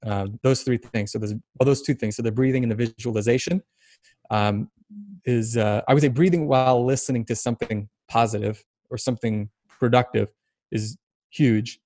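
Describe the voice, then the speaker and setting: A man hosting a podcast, explaining ideas thoughtfully with many pauses. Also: medium pitch, a little mellow, no echo, studio quality. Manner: thoughtful, explanatory, halting with fillers. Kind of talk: casual podcast chat.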